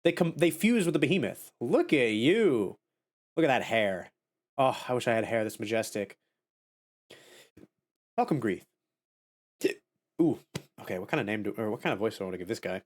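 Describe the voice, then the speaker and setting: Goofy, excitable male streamer. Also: mid-range voice, moderate pace, pauses often. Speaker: game streamer. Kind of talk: casual live-stream commentary.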